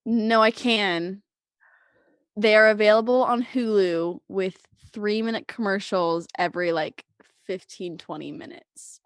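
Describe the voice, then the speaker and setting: A young woman co-hosts a podcast, spinning a long, rambling story in casual chat packed with "like" and frequent laughter. Her mid-range voice is smooth and unhurried, captured at studio quality with no room sound.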